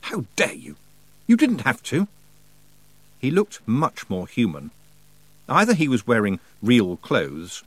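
A man reading a novel aloud as narrator, with measured, expressive storytelling. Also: medium pitch, no echo, poor audio. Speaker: audiobook narrator. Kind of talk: scripted narration.

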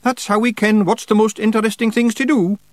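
A man voicing a small, rowdy blue fairy clansman with a high, broad Scottish brogue. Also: flat delivery, fairly quick, no echo, close to an everyday voice. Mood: cheeky.

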